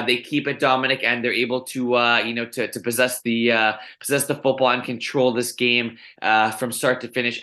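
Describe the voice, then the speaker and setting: A man's voice: mid-range voice, bright, forceful tone. A man co-hosting a sports podcast, making game picks in casual talk, often turning to address his co-host by name amid plenty of fillers. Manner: repeats the co-host's name, many fillers.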